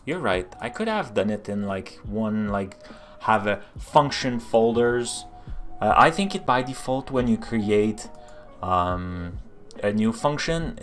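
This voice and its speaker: A man with a Quebecois French accent, live-streaming as he codes, thinking aloud and answering chat questions with lots of fillers and restarts. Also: fairly low pitch. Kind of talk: casual live-stream chat while coding.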